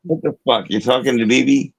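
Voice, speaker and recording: A man's voice: medium pitch, a little fast, creaky, husky, low-quality recording. A man calling in to a livestream, rambling and swearing casually. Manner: profane, rambling.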